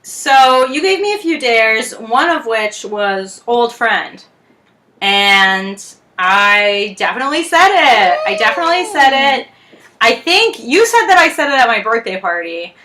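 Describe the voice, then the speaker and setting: Bright-voiced woman recapping a show. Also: on the high side, sing-song, a little slow, slight background noise. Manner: chatty, acts out characters' lines while retelling. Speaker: podcast co-host. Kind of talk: casual chat recapping a TV episode.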